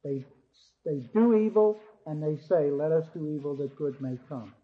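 A man's voice: a little high, flat delivery, normal speed. A man teaching a theology class, reading scripture aloud and then explaining it point by point, lifting his voice on key words. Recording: muffled lo-fi recording.

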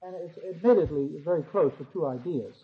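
A man's voice: fairly high pitch, fairly quick. A man teaching a theology class, reading scripture aloud and then explaining it point by point, lifting his voice on key words. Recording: muffled lo-fi recording.

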